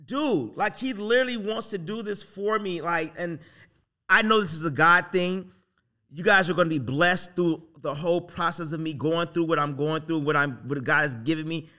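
A man with a bright, forceful, somewhat high voice hosts a casual faith podcast. He rambles with excitement and leans hard on "like" and "literally" as he encourages his listeners. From Southern California. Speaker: podcast host. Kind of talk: casual motivational talk.

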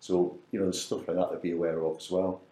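Deep-voiced middle-aged man, echoey room. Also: flat delivery, fast, warm tone. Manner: rambling, repeats words while thinking. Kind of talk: casual business chat.

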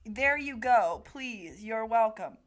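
A woman chatting casually on a podcast, with a slightly raised voice. She trades wry one-liners and quick comebacks. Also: fairly high pitch, animated. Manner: wry, joking, quick asides. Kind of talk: casual chat.

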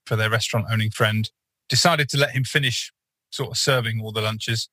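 A man's voice: on the low side, steady tone, brisk, bright, forceful tone, no room sound, poor audio. A man co-hosting a podcast, telling a rambling story in casual chat with many fillers and restarts. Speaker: podcast co-host.

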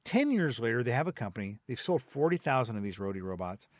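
Fast-talking man, opinionated podcast guest. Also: medium pitch, big pitch swings, no room sound, clean studio sound. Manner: opinionated, rambling with many fillers. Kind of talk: casual chat.

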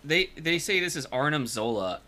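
A man's voice: a little high, sing-song, normal speed, background noise. A man co-hosting a comic book podcast, chatting casually and trailing off as he thinks aloud. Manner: musing, trails off mid-thought. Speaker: podcast co-host. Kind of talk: casual chat.

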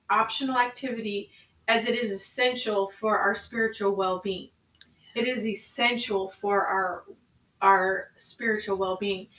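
Bright earnest woman praying in an echoey room. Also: a little high, recorded from a distance. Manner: earnest, prayerful, repeats phrases. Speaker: podcast co-host. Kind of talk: spoken prayer and devotional talk.

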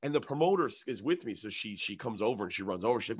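A man's voice: fairly low pitch, lively intonation, racing, slightly rough, no room sound, clean studio sound. A man from Canada, a comedian, telling a long anecdote in casual chat. He swears often and acts out other people's lines in raised voices.

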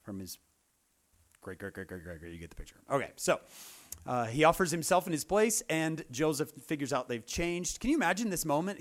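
A man giving a humorous sermon, telling a story and acting out the characters' lines. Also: on the high side. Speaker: speaker at a church meeting.

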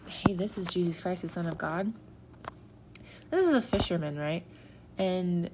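A woman's voice: fairly low pitch, a little mellow, slight background noise. A young adult woman reflecting casually on a Bible story, rambling and informal with many "you know" and "like" fillers.

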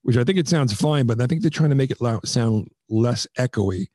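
A man's voice: medium pitch, brisk, mellow, slightly rough, no echo. A middle-aged man hosting a comedy podcast, telling rambling self-mocking stories in casual chat on a headset mic. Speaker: podcast host.

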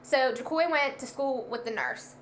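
Young woman, casual storyteller, animated, bright and slightly high voice. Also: normal speed, slight background noise. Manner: animated, lots of "like", acts out quoted lines. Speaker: guest telling a birth story.

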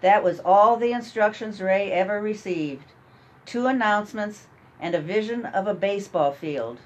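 A woman's voice: mid-range voice, normal speed, highs cut off. Woman narrating a story.

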